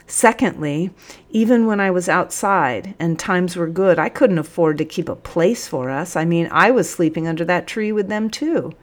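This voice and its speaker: A woman voicing a burly, blustering man who stammers and argues loudly in a storybook reading. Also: on the low side, moderate pace, close to an everyday voice. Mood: defiant.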